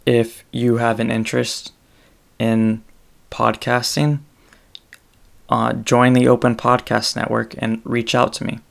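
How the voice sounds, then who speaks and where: A man talks through his solo podcast at an unhurried pace, his voice carrying a steady gravelly fry. He rambles casually and stops to correct himself, keeping a fairly flat, level tone throughout. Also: medium pitch. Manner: meandering, self-correcting delivery.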